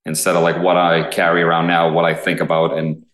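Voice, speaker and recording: A man with a very low voice talks casually as a guest from a garage gym, halting, blunt and full of fillers. The room around him is echoey and hard, so his voice rings off the walls. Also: completely flat delivery, a bit bright. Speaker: guest, police K9 officer. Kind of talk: casual interview conversation.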